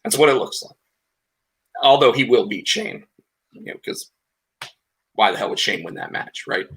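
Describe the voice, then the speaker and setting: A man co-hosting a casual podcast, retelling events in a rambling, animated way with lots of restarts. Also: on the low side, normal speed, vocal fry, husky. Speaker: podcast co-host. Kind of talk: casual chat, recapping wrestling.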